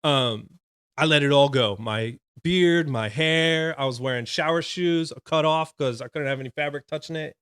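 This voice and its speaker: A man's voice: fairly high pitch, normal speed, fairly bright tone, smooth, no echo, clean studio sound. A man in his thirties, a retired Navy corpsman, telling his story as a podcast guest in a casual, frank way and laughing often.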